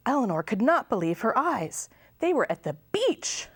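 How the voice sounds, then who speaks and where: Brief: children's librarian at storytime, lively melody, close dry mic. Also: female voice, a little high, moderate pace, husky, dry recording. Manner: expressive, sing-song. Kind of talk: storytime read-aloud.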